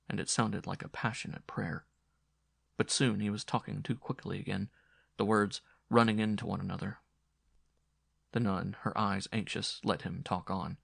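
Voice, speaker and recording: Gravelly man narrating horror. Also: fairly low pitch, no echo, clean studio sound. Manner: measured, grave storytelling.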